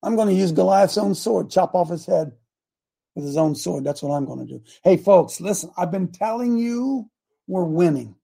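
A man's voice: high-pitched, lively intonation, moderate pace, vocal fry, dark tone, husky. A middle-aged man hosting a call-in talk show, preaching and scolding his listeners in a combative way.

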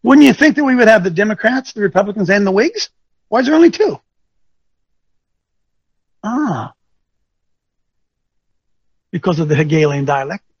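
A man coaching an audience, speaking in an animated, teasing way that quizzes listeners with questions and thinks aloud. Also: high voice, moderate pace, long pauses, slightly rough, no room sound, dull audio. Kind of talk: lecturing talk with rhetorical questions.

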